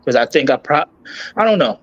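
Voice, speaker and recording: A man telling a painful personal story as an interview guest, choked up and halting, with many restarts and repeated words. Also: mid-range voice, expressive, dull audio.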